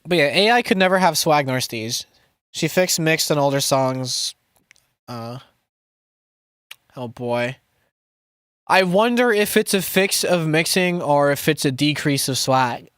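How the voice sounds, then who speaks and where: Recorded clean and dry in studio quality, this young man's slightly high, expressive voice moves at a measured pace with long pauses and a bit of brightness. He makes music on a live stream, chatting loosely, cursing often, self-mocking, and frequently starting sentences over.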